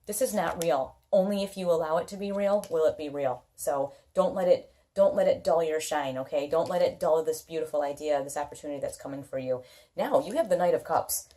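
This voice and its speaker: A woman's voice: on the low side, dark tone. A woman doing a casual tarot reading, chatty and reassuring, often checking in with "okay?". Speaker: tarot reader.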